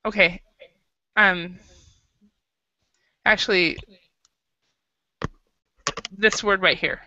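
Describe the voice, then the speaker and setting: A woman's voice: medium pitch, steady tone, drawn-out words, sharp tone, slight background noise. An American woman teaching an English class, patient and hesitant, with many fillers and restarts. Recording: dull lo-fi classroom recording.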